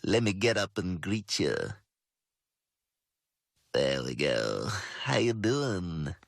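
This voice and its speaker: A man's voice: sits low, very animated, slow, creaky, dry recording, clean studio sound, exaggerated voice. A man voicing a lazy cartoon grown man sprawled among pillows, drawing out his words. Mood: lazy welcome.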